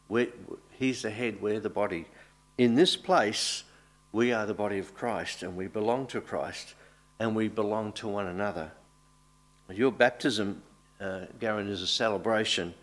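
A male pastor delivers a baptism sermon in a somewhat low voice. He speaks earnestly and unhurriedly, with frequent small restarts and pauses as he gathers his thoughts.

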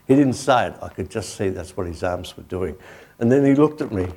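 A man with a somewhat low voice preaches a sermon, then moves into a spoken prayer. He tells it like a story, loose and conversational, with many "you know"s. He speaks while down on his knees. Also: lively intonation, brisk, a little mellow, husky. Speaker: pastor.

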